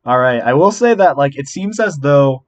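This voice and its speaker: Young male podcast host, laid-back moderator, casual, ordinary mid pitch. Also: animated, normal speed, lo-fi sound. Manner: laid-back moderator, hands the floor to guests. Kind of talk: casual chat.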